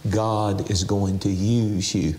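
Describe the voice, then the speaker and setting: A man ministering on television, talking with deep emotion and tears, preaching and leading a slow prayer. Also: level tone, a little mellow, reverberant, slight background noise. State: crying. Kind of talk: televangelist interview and altar call. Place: house.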